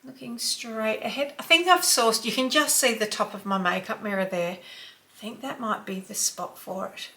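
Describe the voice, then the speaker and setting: An Australian woman in her fifties chatting through a makeup tutorial, sometimes dropping to a soft whisper while she blends. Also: a little high, moderate pace. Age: 50s. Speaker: beauty vlogger.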